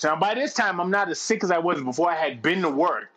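A middle-aged man spins a rambling, profane story in loose conversation. His voice is bright and forceful, sitting a little high for a man, and he drives the tale with animated energy. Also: fast, lo-fi sound. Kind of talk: casual anecdote telling.

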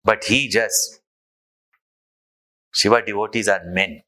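A man's voice: lowish voice, steady tone, takes it slowly, sharp tone, rough recording. A man, a spiritual teacher, telling an anecdote in a sermon and drawing a moral from it. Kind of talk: sermon storytelling.

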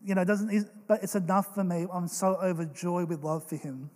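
In a big church hall where his voice echoes with long reverb, a young pastor speaks briskly. He tells stories with earnest animation in his sermon, and his pitch runs high for a man.

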